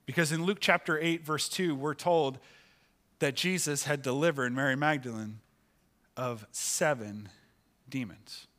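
Male pastor, sermon delivery, expressive storyteller, bright tense tone. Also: measured pace. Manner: expressive, pitch rises for acted quotes. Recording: church sanctuary, live sermon.

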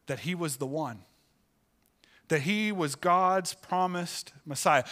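Male pastor, sermon delivery, expressive storyteller, bright tense tone. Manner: expressive, pitch rises for acted quotes. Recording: church sanctuary, live sermon.

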